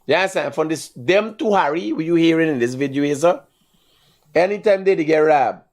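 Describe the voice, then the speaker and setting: A man's voice: on the high side, brisk, darkish tone. Blunt Guyanese man hosting a call-in show. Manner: blunt, scolding callers. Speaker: talk show host.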